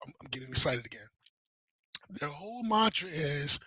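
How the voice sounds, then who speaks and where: A man's voice: fairly high pitch, big pitch swings, a little fast, bright, forceful tone, slightly rough, no echo, rough recording. A man on a podcast, talking heatedly and profanely, repeating himself and acting out quotes. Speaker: podcast host. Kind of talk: heated casual chat.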